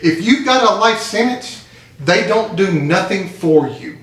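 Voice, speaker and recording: A man's voice: sits high, animated, measured pace, fairly bright tone. A man in a support group speaking earnestly about a life spent incarcerated, telling a parable and repeating phrases for emphasis. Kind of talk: emotional personal testimony. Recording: echoey room.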